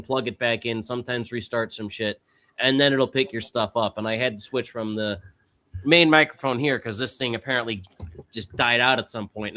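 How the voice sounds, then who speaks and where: Brief: man, stream host, casual and joking, bright voice. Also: medium pitch. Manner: joking, reactive, recaps topics. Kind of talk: casual chat.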